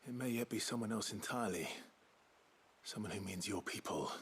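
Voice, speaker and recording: An actor playing a calm, steady hero in a video game, with a deep gravelly voice. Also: male voice, brisk, slight background noise, natural voice. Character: gruff grown man, a sword-bearing hero. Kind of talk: game voice acting.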